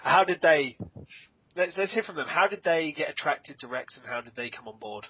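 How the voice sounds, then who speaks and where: A man's voice: fairly high pitch, lively intonation, moderate pace, breathy edge, no room sound, dull audio. A man hosting a podcast, asking his guests questions in a jokey, casual way. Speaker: podcast host. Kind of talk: interviewing, casual.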